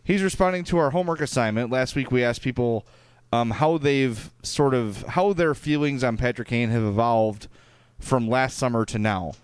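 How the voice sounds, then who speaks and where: Here a podcast co-host with a heavy Chicago accent works through listener emails at a normal pace, filling gaps with uhs and ums. The recording is intimate and dry without any echo, carrying his mid-pitched voice, which is smooth and resonant.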